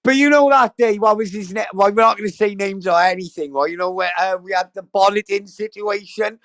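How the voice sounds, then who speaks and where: A man's voice: sits high, a little fast, fairly bright tone. A man hosting a casual livestream, talking straight to his chat in a sweary, effusive, rambling way. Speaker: livestream host.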